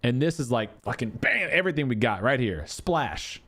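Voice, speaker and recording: A male content creator walks through game cosmetics in a loose, casual way. His pitch jumps around a lot as he rants. He swears freely and sounds exasperated. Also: normal speed. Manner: animated, exasperated ranting with profanity.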